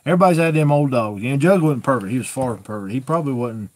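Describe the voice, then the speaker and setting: A man's voice: mid-range voice, rapid-fire, no echo. Folksy man hosting a live Q&A. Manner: folksy, rambling, plainspoken. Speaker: host answering viewer questions. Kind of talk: casual live-stream Q&A.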